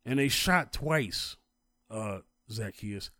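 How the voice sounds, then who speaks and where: A man's voice: lowish voice, animated, takes it slowly, sharp tone, dry recording. A man co-hosting a casual talk, recounting a story at length and growing emphatic as he goes. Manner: storytelling, grows heated and emphatic. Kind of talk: casual conversation.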